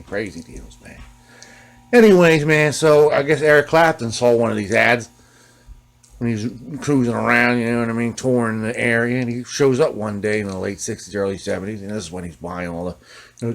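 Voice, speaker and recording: A man hosting his guitar repair channel, telling a story casually as he works, streetwise and profane. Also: mid-range voice. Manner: streetwise, profane, keeps saying "you know what I mean". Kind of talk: casual storytelling while working on an instrument.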